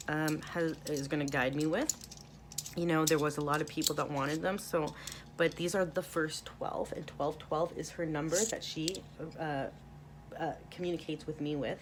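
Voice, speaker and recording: Low-pitched lady rambling excitedly to her viewers, lots of ums, clicky jangly background. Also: moderate pace, noisy background. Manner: excited, rambling with many fillers. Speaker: channel host. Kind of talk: casual vlog chat.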